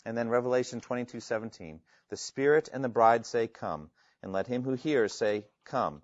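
A man's voice: mid-range voice, normal speed, no echo, muffled recording. A man teaching a class on evangelism, reading Bible passages aloud with emphasis and putting questions to his students. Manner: reads scripture aloud with rising emphasis, asks the class questions. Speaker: evangelism instructor. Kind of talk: classroom lecture with scripture reading.

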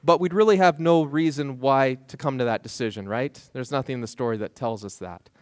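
A man preaching a sermon as a pastor, retelling a story in an animated way with playful asides to the congregation. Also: mid-range voice, fairly quick, dry recording, clean studio sound.

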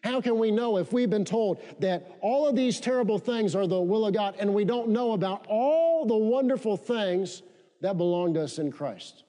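A male pastor delivers a sermon in a high yet mellow voice, hammering key phrases through repetition and calling on the congregation to repeat after him. His voice carries a long reverb, as if recorded in a large church hall. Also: expressive, moderate pace. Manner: emphatic repetition, leads congregation in call-and-response.

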